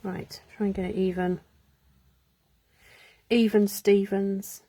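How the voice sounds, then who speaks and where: A woman's voice: mid-range voice, little pitch movement, slow pace, warm tone, no room sound. A woman hosting a live card-making stream, chatting, muttering to herself and laughing as she works. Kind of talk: casual live crafting chat.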